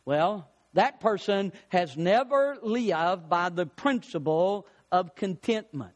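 A man preaching a sermon as pastor, animated, joking, his voice rising on emphasis. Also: sits high, takes it slowly, hardly any pauses.

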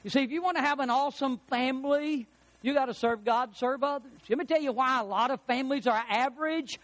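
A middle-aged preacher with a high-pitched voice. He tells homely stories in a relaxed, folksy way and builds to emphatic peaks to drive his points home. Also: fairly quick, low-quality recording. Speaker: pastor. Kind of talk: sermon.

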